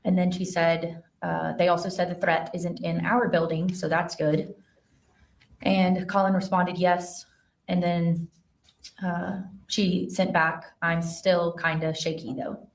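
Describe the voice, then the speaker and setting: A woman's voice: fairly low pitch, little pitch movement, takes it slowly. A woman investigator giving courtroom testimony, reading text messages aloud in a careful, matter-of-fact way with a few hesitant fillers. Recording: echoey courtroom sound from far off the mic.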